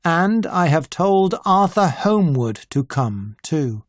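A grave older doctor who hunts vampires, as a slow audiobook reader puts him on. He speaks in a calm, measured way with very unhurried pacing, and the recording is dry and close. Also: medium pitch, no room sound. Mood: earnest. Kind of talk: audiobook character voice.

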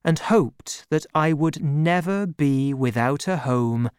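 Low, unhurried woman storyteller. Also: clean tone, no room sound, studio quality. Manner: measured, expressive reading. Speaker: narrator. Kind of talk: scripted storybook narration.

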